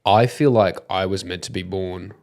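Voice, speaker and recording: A male comedian chatting as a podcast guest in a dry, deadpan way. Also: deep voice, normal speed. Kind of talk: casual chat.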